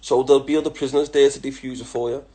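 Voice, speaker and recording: A man's voice: medium pitch, level tone, racing, mellow. A man from England in his thirties, answering follower questions in a casual chat, blunt and swearing, often calling people lad. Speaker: social media personality answering follower questions.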